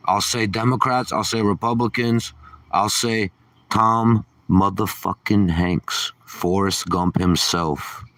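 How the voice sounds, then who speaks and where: A man's voice: fairly low pitch, fairly even intonation, slow, fairly bright tone, no echo, distant mic. A man hosting a casual livestream, ranting sarcastically and swearing as he rambles. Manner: sarcastic, profane rambling rant. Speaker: livestream host.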